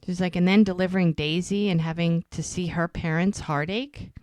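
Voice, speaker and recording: A woman's voice: on the low side, steady tone, normal speed, darkish tone, no room sound. A woman co-hosting a podcast, casually recapping an episode and acting out the characters' lines. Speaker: podcast co-host.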